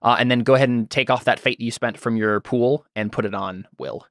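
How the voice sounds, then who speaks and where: A man's voice: medium pitch, a little fast, a bit bright, no echo, studio quality. A man running a tabletop game as game master, patiently explaining the rules with frequent ums and restarts.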